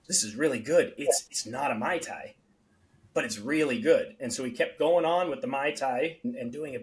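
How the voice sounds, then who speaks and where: A man at a middle pitch tells stories about building his business in an easy, conversational way. He acts out the people he quotes, and his voice jumps up and gets louder when he plays them. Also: a little hiss or hum, rough recording. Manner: animated storyteller, acts out quoted dialogue. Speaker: guest, beverage company founder. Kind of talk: casual podcast storytelling.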